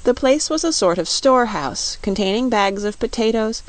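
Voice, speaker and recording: A woman narrating a children's fantasy book in a steady, clear reading voice. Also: a little high, normal speed. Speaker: audiobook narrator. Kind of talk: scripted storybook narration.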